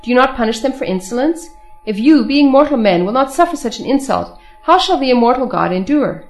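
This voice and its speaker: A woman's voice: sits high, lively intonation, brisk, darkish tone, soft background music. A woman reading the lines of a group of proud men preaching to captives, insistent and full of rhetorical questions.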